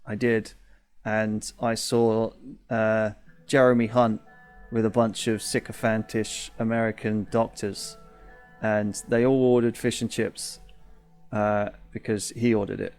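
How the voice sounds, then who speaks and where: A man's voice: on the low side, level tone, a little slow, a little mellow, clean tone, soft background music. A man hosting a let's play, reading the game's text aloud and chatting, correcting himself and laughing often.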